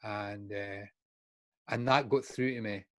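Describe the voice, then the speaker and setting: With a lowish, steady voice and a slow pace, an older Scottish man in recovery shares his story as a guest speaker, frank and unguarded. He slips into the voices of people he remembers, and the recording is dry and close with no room sound.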